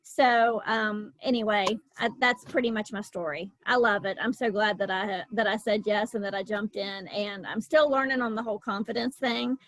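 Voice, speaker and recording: A woman's voice: mid-range voice, fairly even intonation, moderate pace, hardly any pauses, a bit bright, no room sound, low-quality recording. Hesitant woman on a dry video call. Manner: hesitant, full of fillers. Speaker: team member. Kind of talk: casual personal story.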